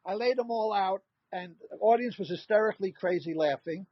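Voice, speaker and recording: A man in his sixties spins comic anecdotes in an animated, high-pitched voice, jumping into the voices of the people he quotes. The audio is dull and lo-fi, with a dry, close sound. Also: fairly quick, no room sound. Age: 60s. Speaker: comedian guest. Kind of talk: storytelling in a casual interview.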